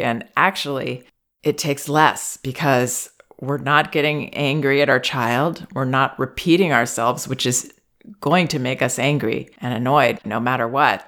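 Low-voiced woman giving calm parenting advice. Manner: gentle, measured, acts out child and parent quotes. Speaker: parenting advisor.

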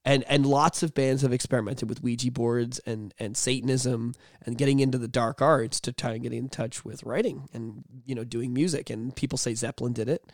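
A man's voice: mid-range voice, steady tone, fairly quick, hardly any pauses, no room sound, clean studio sound. A man telling a story on a casual podcast, rambling and profane, laughing now and then. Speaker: podcast co-host.

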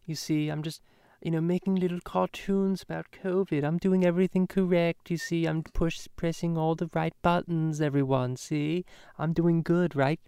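Man doing a whiny male celebrity, high pleading voice, mock-apologetic, smooth, dry. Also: fairly even intonation, normal speed, few pauses, mellow, no echo, close to an everyday voice. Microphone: podcast microphone.

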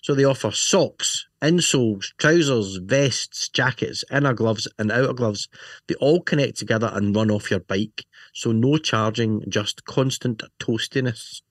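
This man's mid-range voice moves a little slowly, captured in studio quality with no echo. As a podcast co-host in a casual motorcycle gear chat, he rambles and jokes, frequently asking "right?" and saying "you know".

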